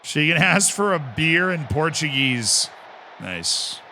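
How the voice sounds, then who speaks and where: A man streaming a video game live, chatting casually, reading chat aloud and breaking into excited shouts. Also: fairly high pitch, a little slow, a little hiss or hum. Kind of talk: casual live-stream commentary while playing.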